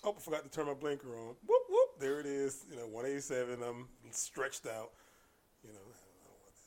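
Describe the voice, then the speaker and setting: A man telling stories in a casual podcast conversation, animated and acting out the exchanges he recounts, with frequent restarts. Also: medium pitch, brisk. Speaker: podcast guest, martial arts coach.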